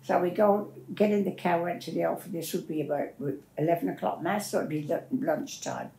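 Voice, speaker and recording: A woman's voice: on the low side, a little fast, vocal fry, mellow. An older woman, telling her life story in a plain-spoken, rambling way as an interviewee. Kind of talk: personal storytelling. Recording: roomy echo.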